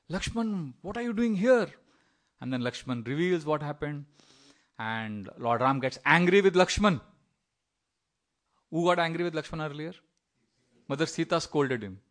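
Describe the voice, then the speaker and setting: On the high side and a bit bright, this middle-aged preacher's voice carries a conversational sermon built around stories. He often voices the people in them himself, and his delivery is loose, with fillers and soft laughs.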